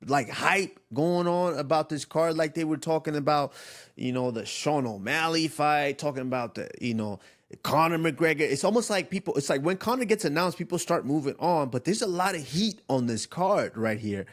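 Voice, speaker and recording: A man in his thirties co-hosting a casual sports talk show, animated and loose, often restarting his sentences and leaning on fillers as he interviews a guest. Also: fairly high pitch, normal speed. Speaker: podcast co-host and interviewer. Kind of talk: casual chat.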